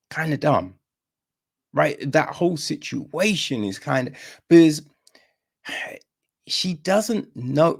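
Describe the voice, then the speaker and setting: A man talks through a film review for a podcast in a loose, rambling way, full of restarts and exasperated asides. His voice carries a gravelly rasp, his delivery is slow and drawn out, and his pitch rises and falls a lot. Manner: rambling, exasperated, lots of fillers and restarts, mocking quoted voices. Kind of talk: casual spoken film review.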